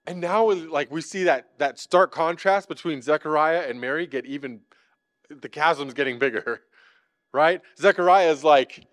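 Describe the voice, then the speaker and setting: A man's voice: a little high, unhurried, no echo, studio quality. A man preaching a casual, conversational sermon, filling it with "like" and acting out the lines he quotes. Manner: acts out quoted lines from scripture. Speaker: pastor.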